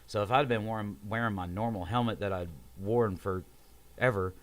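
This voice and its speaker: A man with a fairly low voice and a drawl tells a personal story in loose, casual podcast talk. He is animated, swears freely, and jumps into raised voices when he quotes people. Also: moderate pace. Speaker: podcast guest.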